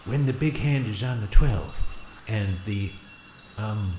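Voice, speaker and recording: A man's voice: fairly low pitch, takes it slowly, over loud music. A man playing a forgetful, rambling old ex-president ghost in a comic radio play. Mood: muddled. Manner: forgetful, rambling, loses his place. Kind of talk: comedy radio-play acting. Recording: echoey room, faint noise.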